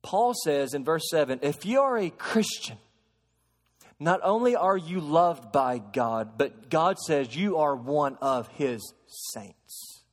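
A man preaching a sermon to a congregation, shifting from soft explaining to loud, emphatic preaching and asking them questions. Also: fairly high pitch, lively intonation, slow. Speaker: pastor. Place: church sanctuary. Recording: long hall reverb.

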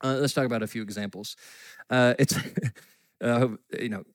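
Folksy joking pastor preaching. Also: male voice, medium pitch, moderate pace, no room sound. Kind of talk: sermon. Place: church sanctuary.

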